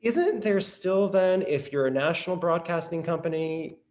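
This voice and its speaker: A man's voice: on the high side, expressive, normal speed, a little mellow, reverberant. A man interviewing a guest, asking long, rambling questions with many restarts and self-corrections, and laughing often. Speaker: interviewer, college teacher.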